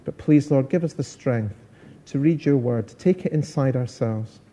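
Lively encouraging preacher, mellow voice. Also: male voice, mid-range voice, normal speed. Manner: lively, encouraging, repeats phrases for emphasis. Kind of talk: all-age church talk.

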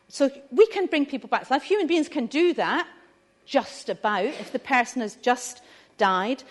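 A woman leading a family church talk, chatty and asking the listeners questions. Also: on the high side. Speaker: preacher.

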